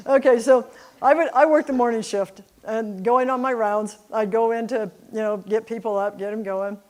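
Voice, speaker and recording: A woman's voice: on the high side, fairly even intonation, moderate pace, darkish tone. Chatty woman telling stories at church. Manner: chatty, laughs often. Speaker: church speaker. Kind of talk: personal storytelling to a congregation. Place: church service.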